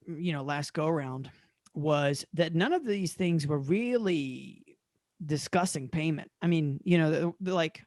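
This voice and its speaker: A man's voice: on the high side, measured pace, a little mellow, dry recording. Dry, jokey male podcast co-host. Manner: laughs often, loose and jokey. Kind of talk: casual podcast chat.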